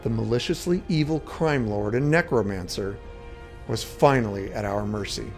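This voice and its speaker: A man's voice: lowish voice, normal speed. Man narrating a fantasy story over music. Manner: dramatic, steady narration. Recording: faint background music.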